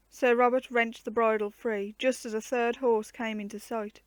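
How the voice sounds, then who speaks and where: A woman reading an adventure book aloud as a storyteller, measured and expressive. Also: on the high side, dry recording.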